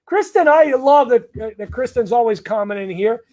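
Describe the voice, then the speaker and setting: A man's voice: extremely high pitch, animated, moderate pace, darkish tone. A man working as an immigration lawyer, answering viewer comments in a live Q&A in a blunt, conversational way with lots of fillers and restarts.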